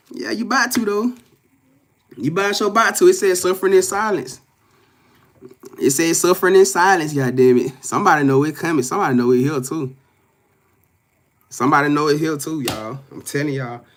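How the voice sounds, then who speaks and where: A man's voice: on the high side, fairly bright tone. A man giving a casual live-stream tarot reading, talking straight to his viewers in a profane, emphatic way, repeating himself and often laughing. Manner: profane, emphatic, keeps addressing viewers directly. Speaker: tarot card reader.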